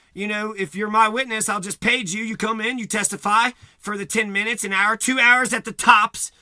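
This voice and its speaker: A man's voice: high voice, pushed and bright, no room sound, studio quality. A man delivering a profane, agitated rant to camera, repeating himself and swearing heavily. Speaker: vlogger.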